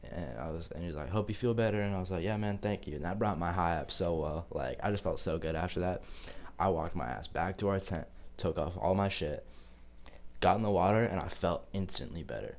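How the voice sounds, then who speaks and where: A man's voice: low voice, a little fast, darkish tone. A young man telling a story to camera in a rambling, casual way, full of swearing and filler words. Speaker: vlogger.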